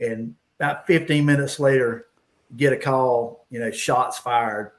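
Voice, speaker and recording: Regular guy host, rambling cop tales, laughs a lot, average pitch. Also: fairly even intonation, a little slow, poor audio. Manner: rambling, laughs through stories. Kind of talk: casual storytelling, police anecdotes.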